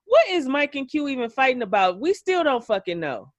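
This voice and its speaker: A woman's voice: high-pitched, very animated, a little fast, no echo. Blunt, profane woman host, dry sound. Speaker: podcast host. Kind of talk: casual show recap chat.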